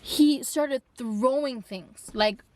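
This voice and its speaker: A young woman vlogger telling a dramatic story time, animated and emphatic, with lots of filler "like". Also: high-pitched, takes it slowly, no room sound. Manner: animated, dramatic retelling with frequent "like". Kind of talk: storytime vlog.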